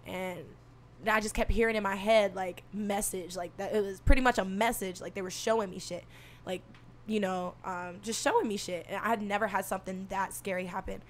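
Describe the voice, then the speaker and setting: A soft-spoken young woman telling a story in casual talk, animated and profane, acting out what people said. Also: medium pitch, fairly quick, a little hiss or hum. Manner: animated, swearing, acts out quotes.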